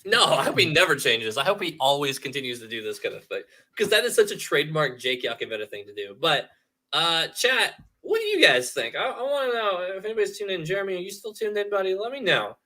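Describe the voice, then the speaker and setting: A man co-hosting a casual streamed podcast, joking and animated, often slipping into quoted voices. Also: on the high side, fast talker. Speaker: podcast co-host.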